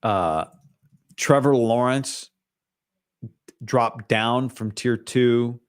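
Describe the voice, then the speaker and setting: A man's voice: medium pitch, very slow, smooth. A man hosting a solo sports talk show, opinionated and hedging, with frequent restarts.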